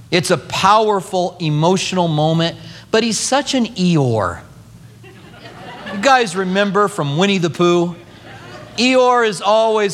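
High-voiced preaching man in a reverberant hall. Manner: animated preaching, acts out voices of biblical figures for humor. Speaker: pastor. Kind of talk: sermon. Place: church sanctuary.

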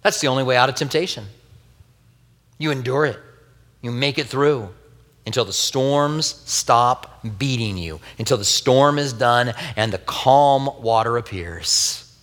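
A man's voice: medium pitch, a little slow, a bit bright. A man preaching a sermon as a pastor, telling a Bible story earnestly with wry asides and a tender, grieving personal tone. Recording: long hall reverb.

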